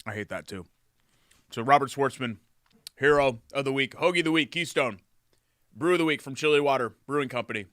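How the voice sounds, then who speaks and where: A man's voice: mid-range voice, a little fast, pauses often, a bit bright, dry recording, studio quality. A man co-hosting a sports podcast, chatty and enthusiastic as he reads sponsor plugs. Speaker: podcast co-host. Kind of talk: casual sports chat.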